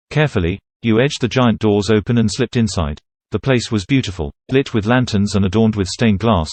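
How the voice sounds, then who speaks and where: Man, low voice, horror narration, measured delivery, dry recording. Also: a little mellow, dry recording. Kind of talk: scripted second-person horror narration.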